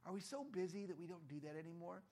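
A male pastor preaching a sermon, animated, asking rhetorical questions and briefly acting out the voices of figures in the story. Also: high voice, fast talker.

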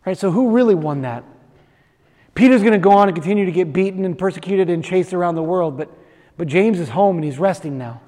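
Warm in tone, high-sitting, animated and fairly quick, this pastor's voice carries a sermon through a large hall with long reverb. He dramatizes a story with different voices and then turns to speak to the congregation.

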